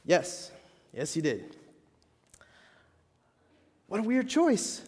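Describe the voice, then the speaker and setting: A man preaching a sermon with measured, dramatic pauses and bits of self-mocking humor. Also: high-pitched, huge pitch swings, darkish tone, breathy edge, big-room sound. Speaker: pastor.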